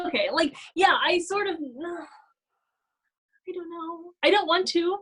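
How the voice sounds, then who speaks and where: A woman co-hosting a casual chat, talking in an animated way with many "like" fillers and acting out gasping apologies. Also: very high voice, a little slow, low-quality recording. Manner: frequent "like" fillers. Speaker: podcast co-host.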